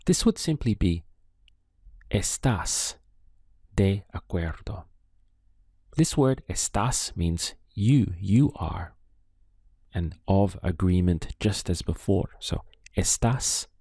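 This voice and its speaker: Guy teaching spanish, really slow and careful, low mellow voice. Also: breathy edge, no room sound, clean studio sound. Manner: slow, deliberate prompting with pauses for learner answers. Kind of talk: slow spoken language lesson.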